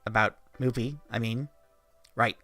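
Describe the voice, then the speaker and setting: A man's voice: medium pitch, fairly even intonation, unhurried, bright, forceful tone, soft background music. A man streaming, reading a visual novel aloud with playful, joking asides.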